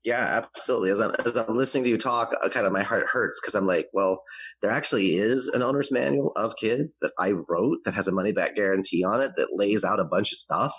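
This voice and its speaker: Male interview guest, very low voice, dry close sound, earnest and explanatory delivery. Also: fast, fairly bright tone, husky, dry recording, rough recording. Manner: earnest, explanatory, varies his pace to demonstrate. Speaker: guest expert on parenting. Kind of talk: conversational advice interview.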